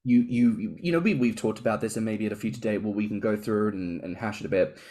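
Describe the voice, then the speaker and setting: A man co-hosting a podcast, asking a guest a question in a halting, thoughtful way with many restarts. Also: fairly low pitch, warm tone. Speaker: podcast co-host. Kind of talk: casual podcast interview.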